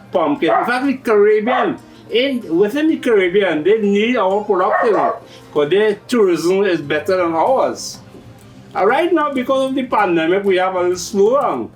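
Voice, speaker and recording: On a farming TV show, a hydroponics shop owner explains his hydroponic systems with patience and plenty of local expressions. He's a middle-aged Trinidadian man with a high voice, recorded roughly and from a distance.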